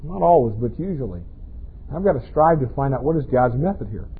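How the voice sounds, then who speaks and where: A man's voice: mid-range voice, lively intonation, fairly quick, slightly rough. A pastor preaching a sermon in a conversational way, often asking his congregation rhetorical questions. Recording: tinny, phone-like band-limited sound.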